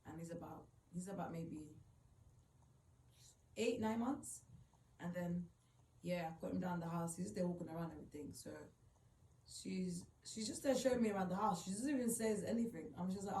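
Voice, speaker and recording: Woman, personal storytelling, mellow voice, roomy echo, distant mic, faint background hum. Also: medium pitch, moderate pace. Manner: emotional, rambling retelling full of "like". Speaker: vlogger.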